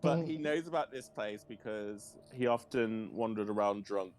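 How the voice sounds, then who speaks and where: A man playing a tabletop horror game with friends, jokey and drawn-out, often speaking in character. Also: fairly low pitch. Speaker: player.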